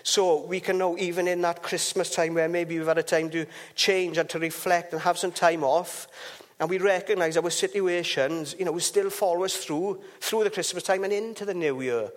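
A man's voice: high-pitched, fairly even intonation, moderate pace. A man giving an informal devotional talk, chatty and rambling, with asides and restarts.

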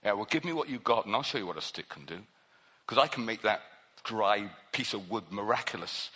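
Brief: preacher putting on God, a deep, commanding male voice, insistent, in a long reverberant hall. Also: lively intonation, brisk, bright, forceful tone, slightly rough, heavily acted. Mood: assured.

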